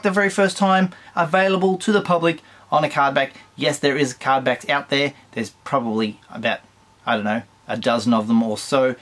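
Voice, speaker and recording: An Australian man hosts a toy collecting show in a relaxed, chatty way. His voice sits at an ordinary middle pitch, and he drifts from eager excitement to dry little jokes. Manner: chatty, enthusiastic, wry asides. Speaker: toy collector channel host. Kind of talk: casual chat reviewing toy news.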